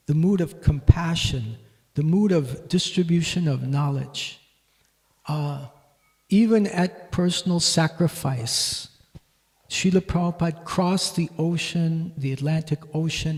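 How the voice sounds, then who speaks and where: A man giving a devotional class at a temple, teaching in a measured way and telling stories. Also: on the high side. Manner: measured teaching, voice rising loudly for quoted shouts. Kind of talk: devotional lecture with storytelling. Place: temple hall.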